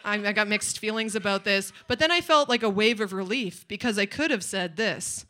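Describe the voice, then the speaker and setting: A woman's voice: medium pitch, animated, brisk, bright, forceful tone, a little hiss or hum. A woman telling a rambling, self-mocking comic story on stage at a live show, with chatty asides to the crowd.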